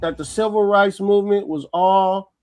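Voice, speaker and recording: A man calling into a heated panel show, insistent and quick to cut in. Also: high-pitched, a little mellow, clean tone, dry recording. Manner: insistent, keeps interrupting. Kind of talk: heated call-in panel talk.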